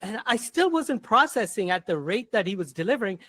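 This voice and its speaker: A man's voice: sits high, fast talker, bright, forceful tone, dry recording. A man talking as a podcast guest, telling stories bluntly and emphatically, with casual slang. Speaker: guest, entrepreneur.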